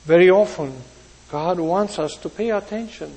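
High-voiced guy preaching slow and earnest, lots of restarts, long reverb like a big hall. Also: a little mellow, breathy edge. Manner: earnest, pauses and restarts, voice rises and drops. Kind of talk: sermon.

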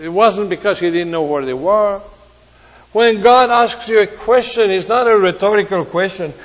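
A man preaching a sermon, earnest, with pauses and restarts, his voice rising and dropping. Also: high-pitched, long reverb tail, poor audio.

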